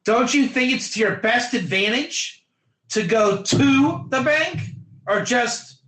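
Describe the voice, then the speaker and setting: A man's voice: extremely high pitch, measured pace, sharp tone, roomy sound. A man teaching a Torah class in an emphatic, repetitive lecture style, quizzing his students by name.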